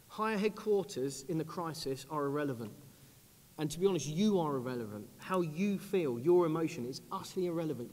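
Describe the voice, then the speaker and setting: A British man in his thirties, an army officer speaking on a conference panel, earnest and measured, going low and quiet on grave points. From United Kingdom. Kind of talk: panel talk. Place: large conference hall. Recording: long hall reverb.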